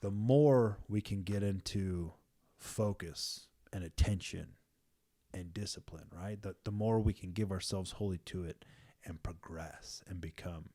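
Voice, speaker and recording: A man hosting a podcast, talking casually and with feeling about faith, full of fillers like "man" and "like" and sometimes dropping to hushed tones. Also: deep voice, measured pace. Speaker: podcast host.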